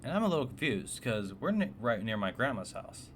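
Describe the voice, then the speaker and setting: A man's voice: mid-range voice, sing-song, a little fast. A man casually narrating a personal story, blunt and swearing often, with a faintly noisy background. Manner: blunt, profane, exasperated.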